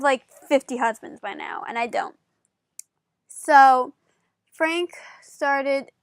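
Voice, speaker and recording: A woman vlogging to camera in casual storytelling, animated and chatty with lots of filler words. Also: high-pitched, dry recording, clean studio sound.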